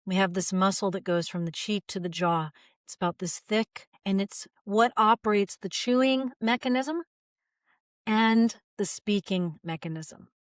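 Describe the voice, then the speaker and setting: A calm woman in her forties gently guides viewers as a voice teacher in an instructional video. Her medium-pitched voice is a little slow, and the sound is close and dry, without room echo.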